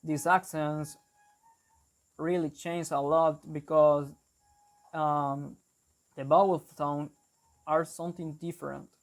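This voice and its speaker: A young man hosting an English-learning channel, explaining a lesson carefully and deliberately, with small restarts. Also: fairly high pitch, little pitch movement. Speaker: English teacher, channel host.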